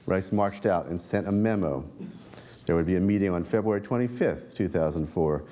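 A deep, dark-toned male reporter and author reads aloud from his book at a talk, slipping in dry, wry asides. Afterward he takes questions, answering with halting restarts.

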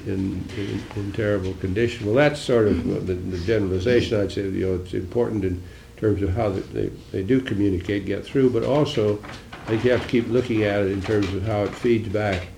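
Gravelly-voiced older man, dry wit. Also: on the low side, warm tone, echoey room, a little hiss or hum. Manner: dry, wry humor, musing and digressive. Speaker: senator answering audience questions. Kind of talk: political talk with audience Q&A.

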